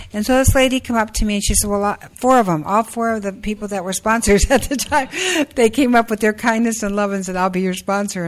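A woman in her sixties speaks at a support group meeting. She talks haltingly, with many fillers and restarts, in a middle-pitched voice. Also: rough recording. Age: 60s.

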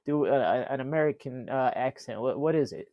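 Guy from connecticut on a podcast, medium pitch, stumbles and restarts a lot, dry close sound. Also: expressive, dry recording, muffled recording. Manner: rambling, halting, many restarts and fillers; pitches up to mimic fake British talk. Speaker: podcast co-host. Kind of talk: casual podcast chat.

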